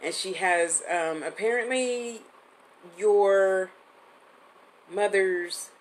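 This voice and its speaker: With a mid-range voice and drawn-out words, this fifties-aged woman gives a live-streamed psychic reading over poor audio. As host and medium, she's chatty, affectionate, and rambling, often restarting.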